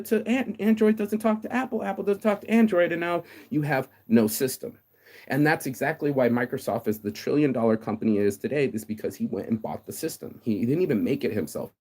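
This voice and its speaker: A man in his thirties with a fairly low voice rambles through a motivational vlog monologue. He swears freely, stammers and repeats himself, and breaks into sudden loud outbursts. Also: slightly rough. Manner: profane, digressive, animated with sudden loud outbursts. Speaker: vlogger.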